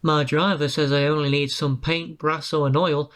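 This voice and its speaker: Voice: mid-range voice, little pitch movement, moderate pace, fairly bright tone, close to an everyday voice. A storyteller voicing a sad, resigned old male traction engine.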